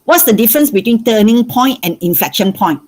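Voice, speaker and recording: A woman's voice: fairly high pitch, animated, brisk, darkish tone, rough recording. A woman maths teacher with a Malaysian accent, giving an online revision lesson and repeating her questions to coax answers from students. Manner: coaxing, asks questions over and over.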